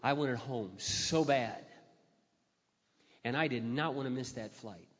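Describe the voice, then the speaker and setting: A middle-aged Christian man telling an animated, self-mocking personal story and acting out the dialogue. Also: mid-range voice, measured pace. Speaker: Christian speaker. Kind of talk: storytelling talk. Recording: echoey hall, muffled sound.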